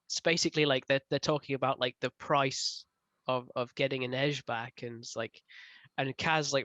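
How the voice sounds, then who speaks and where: A man co-hosting a casual book club review, talking in an animated way with frequent laughs. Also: mid-range voice, normal speed, no echo. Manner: animated, laughs often, rises loud when ranting.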